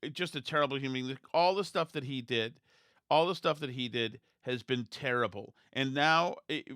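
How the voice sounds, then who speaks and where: A man's voice: medium pitch, normal speed, a bit bright, clean tone, no room sound, studio quality. A man hosting a political commentary podcast, ranting bluntly and scornfully with frequent restarts. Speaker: podcast host.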